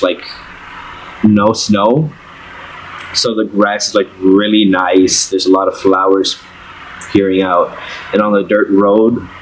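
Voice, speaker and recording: A man narrating as game master of a tabletop game, relaxed and laughing often. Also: lowish voice, slight background noise, rough recording.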